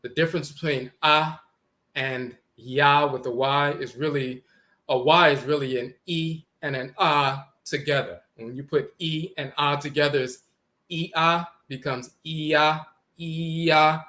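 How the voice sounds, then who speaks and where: A man's voice: fairly high pitch, fairly even intonation, moderate pace, sharp tone. A man giving an explanatory lecture, repeating words and sounding out letters as he teaches.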